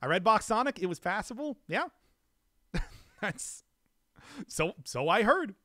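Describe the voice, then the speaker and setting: A man's voice: high voice, sing-song, a little slow, bright, forceful tone, no echo, clean studio sound. A man streaming a game and chatting casually, repeating himself and laughing often. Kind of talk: casual live-stream chat while playing.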